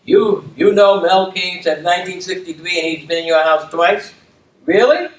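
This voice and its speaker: Older man, former dean, emphatic repeater, fairly high voice, roomy distant mic with faint noise. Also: level tone, moderate pace. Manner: repeats "okay?" to check in, emphatic restatements. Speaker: community leader and former dean. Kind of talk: reflective conversation.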